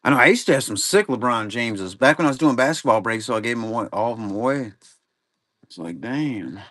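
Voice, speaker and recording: The man's medium-pitched voice is animated and fairly bright, moving at a fairly quick pace. While hosting a live card-break stream, he keeps up a casual, laid-back ramble with some swearing.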